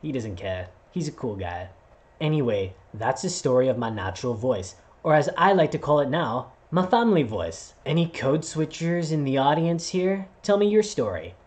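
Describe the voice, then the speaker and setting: Speaking at medium pitch and a moderate pace, a voice actor who vlogs tells the camera a story from his own life. His delivery is animated and casual, and he performs the different voices as he goes along.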